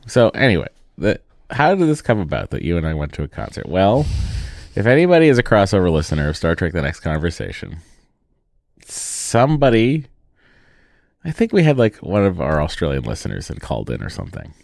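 A man with a very low voice talks casually as a podcast host. He rambles through a story, cutting himself off and starting over. The sound is dry and close, with no room echo. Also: huge pitch swings, fairly quick, creaky, a little mellow. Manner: rambling, self-interrupting storyteller. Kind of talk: casual chat.

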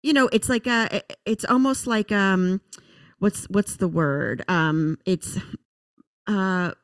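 A woman hosting a podcast interview, talking casually and haltingly, searching for her words with many fillers. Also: mid-range voice, no room sound. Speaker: podcast host.

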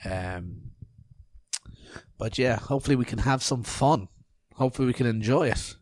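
A man talking on his podcast, loose and rambling with a self-mocking streak. His voice sits at an ordinary middle pitch. The sound is close and dry, with no room around it. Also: moderate pace, a little mellow, dry recording. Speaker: podcast host. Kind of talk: casual chat and interview. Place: outdoor festival grounds in later part.

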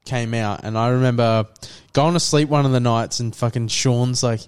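A man's voice: medium pitch, normal speed, clean tone. A man, hosting a casual podcast chat and telling stories with plenty of swearing. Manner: swearing, animated storyteller. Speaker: podcast host.

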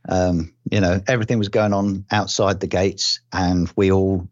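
A very deep-voiced older man from England talks through his years as a detective, pausing on ums and restarting his sentences. He keeps a dry sense of humour throughout. The recording is dull and lo-fi with a dry, close sound. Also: level tone, no echo. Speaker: retired police detective. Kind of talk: relaxed oral-history recollection.

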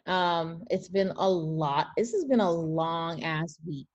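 A woman's voice: on the low side, takes it slowly, a little mellow, dull audio. A woman co-hosting a podcast in casual chat, cheerful and laughing often. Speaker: podcast co-host.

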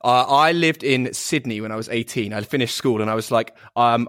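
A man's voice: medium pitch, brisk, few pauses, a bit bright, clean tone. Polite young British man, easy laugh. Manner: polite, self-deprecating, laughs easily. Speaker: guest. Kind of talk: casual chat.

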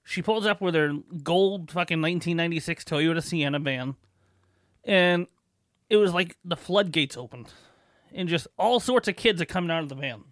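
A fairly high-voiced man cohosting a podcast, loud and quick to laugh. He swears freely while telling everyday stories in casual banter. The sound is dry and close, with almost no room echo. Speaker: podcast co-host. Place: podcast studio.

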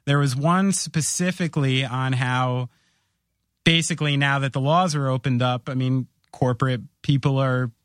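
A man's voice: medium pitch, steady tone, moderate pace, dry recording, clean studio sound. A man hosting a casual podcast chat, telling long rambling stories full of fillers. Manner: rambling, filler-heavy storytelling. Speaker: podcast host.

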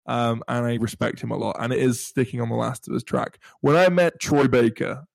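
A young man, telling animated stories with playful bragging as a podcast co-host. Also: mid-range voice, fairly quick, creaky, dry recording. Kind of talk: casual storytelling chat.

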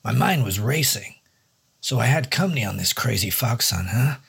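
A man's voice: medium pitch, lively intonation, normal speed, vocal fry, a bit bright, slightly rough. A man narrating a hard-boiled noir story in a dry, wry first-person detective voice. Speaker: storyteller and host.

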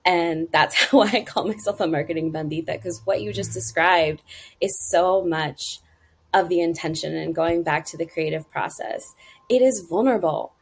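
A middle-aged woman talking about her consulting work in a casual interview, with an animated way of leaping up in pitch for emphasis. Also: normal speed, breathy edge. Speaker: guest, marketing consultant.

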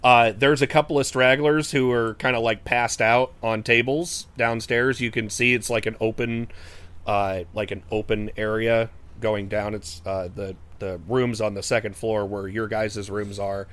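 A man's voice: on the low side, little pitch movement, fairly bright tone, clear, resonant tone. A man narrating a tabletop game as game master, with many fillers and restarts. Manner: halting, frequent fillers and laughs.

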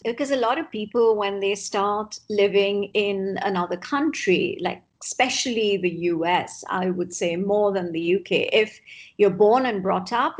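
A woman's voice: medium pitch, breathy edge. A woman hosting a podcast, asking the guest probing, chatty questions with casual fillers. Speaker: podcast host. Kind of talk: interview questions.

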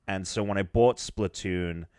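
Male podcast co-host in his twenties, low smooth voice, dry room, rambling game talk. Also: a little slow, no room sound. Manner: relaxed, rambling explanations with fillers. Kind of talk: casual chat.

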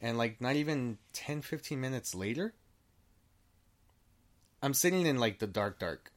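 A man's voice: medium pitch, animated, unhurried. Casual swearing man telling a story. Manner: swears freely, acts out quoted dialogue; rambling, with frequent restarts. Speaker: storyteller guest.

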